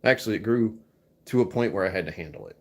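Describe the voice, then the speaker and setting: His voice is low and creaky, animated and quick. He's loosely chatting with his live-stream audience, responding to the chat with jokes, much of them at his own expense.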